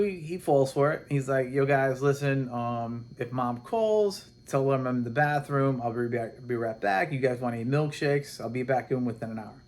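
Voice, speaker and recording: A man casually recapping a comic book plot, animated and rambling, acting out the characters' lines as he goes. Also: medium pitch. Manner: rambling and animated, with many restarts and quoted dialogue.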